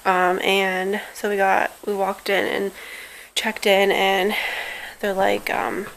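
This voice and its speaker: A woman's voice: mid-range voice, monotone, slow pace, vocal fry, a bit bright, rough recording. A young woman in casual video updates, telling a frustrating story in a worn-out, pained way while lying on a couch at home. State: in pain and worn out. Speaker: vlogger.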